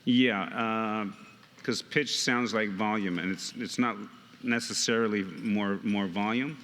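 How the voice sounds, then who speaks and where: Slow halting man teaching in a hall. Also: lowish voice, steady tone, fairly bright tone. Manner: slow, halting, repeats words, counts beats aloud. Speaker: kartal workshop teacher. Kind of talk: hands-on music lesson. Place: temple hall. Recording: temple hall reverb, faint noise.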